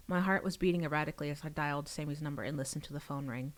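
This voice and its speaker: Low-voiced woman reading her book aloud. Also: rapid-fire. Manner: casual, breaks off with chatty asides and laughs.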